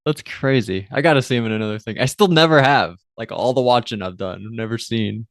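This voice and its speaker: A man's voice: medium pitch, a little fast, dry recording, clean studio sound. A man co-hosting a podcast, chatting casually and rambling through an episode recap, often acting out the characters' lines. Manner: rambling, loose, with fillers and playful quoting of characters. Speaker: podcast co-host.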